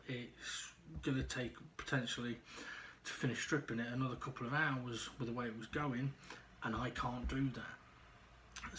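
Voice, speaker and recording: A man talking through a casual personal video diary at home, out of breath and halting, with frequent ums and restarts. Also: medium pitch, a bit bright, a little hiss or hum. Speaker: vlogger.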